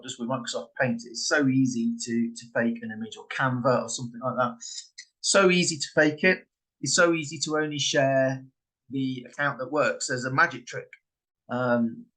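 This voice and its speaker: A man's voice: mid-range voice, sharp tone, low-quality recording. A man in a casual, rambling monologue, acting out little scenes and often repeating himself. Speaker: online trading coach.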